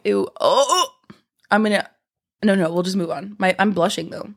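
A woman's voice: medium pitch, lively intonation, unhurried, gravelly, pauses often. A young woman hosting a casual monologue, talking in a chatty, rambling way with lots of fillers. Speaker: podcast host.

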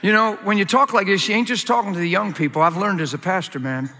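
Bright-voiced man preaching in an echoing hall. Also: fast talker. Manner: animated storytelling, swinging from loud shouts to low quiet asides. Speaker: pastor. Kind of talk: sermon. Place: large hall before a live audience. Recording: long echoing hall reverb.

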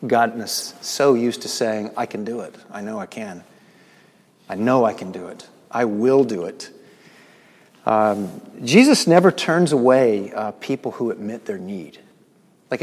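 A male pastor preaching a conversational sermon, putting questions to the congregation and moving between loud emphasis and hushed asides. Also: mid-range voice, long reverb tail.

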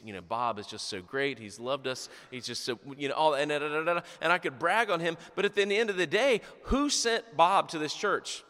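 A man preaching with a bright, forceful voice that swings widely in pitch, his words ringing through a long-reverb church hall. He preaches animatedly and with sarcasm, acting out quotes as he goes. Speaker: pastor. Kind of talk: sermon.

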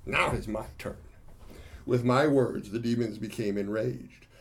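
A man's voice: medium pitch, a little slow, gravelly. A man voicing a playful, boastful male monkey warrior who tells of his battles with glee to his friends. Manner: gleeful, boasting storyteller addressing friends.

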